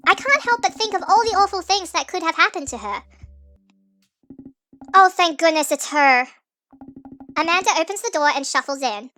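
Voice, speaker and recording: Brief: jokey woman gamer narrating, very high and lively, bright tone, sped-up nightcore sound. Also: normal speed, pauses often, faint music behind. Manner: chatty, jokey, trips over words. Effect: sped-up, pitched-up nightcore edit. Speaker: gamer narrating a story game. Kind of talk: playthrough narration with commentary.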